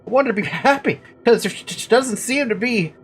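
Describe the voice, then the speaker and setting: A woman's voice: fairly high pitch, expressive, a little fast, slight background noise, pitched above the performer's own voice, natural voice. A woman voicing a timid, lovesick male violinist from a village who stutters heavily and pleads. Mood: pleading.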